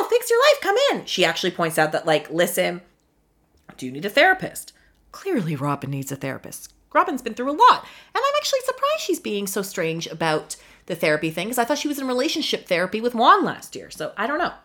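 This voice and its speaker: Woman recap host, low voice with big swoops, blunt and snarky, casual delivery. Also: fairly bright tone. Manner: candid, sarcastic, swears freely. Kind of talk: casual solo recap commentary.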